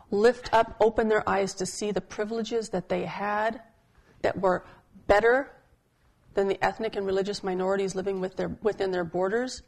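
A woman giving a sermon as a pastor, telling stories in a conversational style and slowing down to stress key points. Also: mid-range voice, darkish tone. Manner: conversational storytelling preaching, slowing for emphasis.

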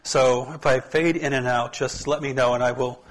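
Pastor guy talking to his church group, easygoing and chatty, bit hoarse from allergies, mid-pitched voice. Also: normal speed. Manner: relaxed, chatty, self-deprecating asides. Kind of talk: informal talk to a church group. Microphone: hand mic.

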